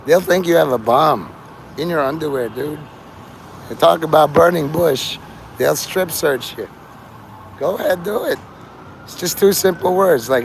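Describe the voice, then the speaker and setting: Gravelly, profane man livestreaming outdoors. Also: fairly high pitch, lively intonation, moderate pace, a little hiss or hum. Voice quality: gravelly, strained voice he calls his normal one. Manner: rambling, profane, free-associating, talks to chat. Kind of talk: rambling live stream monologue. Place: outdoors on a city street.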